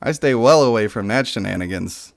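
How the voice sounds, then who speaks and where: A man's voice: lowish voice, animated, fairly quick, creaky. A young man with a slightly worn voice, chatting casually and joking with his viewers on a game stream. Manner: joking, laughs at himself. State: voice a bit worn, cutting out. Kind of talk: casual live-stream chat.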